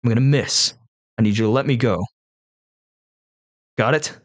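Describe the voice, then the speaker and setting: A man doing a low, pleading hippo gunman. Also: moderate pace, no echo, natural voice. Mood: hushed urging. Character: reluctant hulking male hippo gunman.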